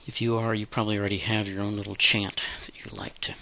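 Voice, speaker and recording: A man giving a slow, deliberate solo monologue for his own audio show, in halting phrases that slip into breathy whispers. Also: lowish voice, little pitch movement, sharp tone, a little hiss or hum. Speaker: audio podcaster.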